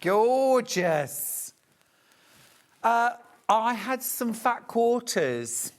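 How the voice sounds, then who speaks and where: A man's voice: extremely high pitch, sing-song, very slow. A man presenting fabrics on a live home shopping show, chatty and full of enthusiasm.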